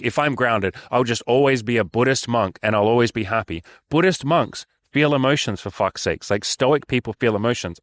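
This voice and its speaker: A man's voice: medium pitch, fairly bright tone, no room sound, studio quality. A man giving frank, casual dating advice, swearing freely and calling the listener brother. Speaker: dating coach.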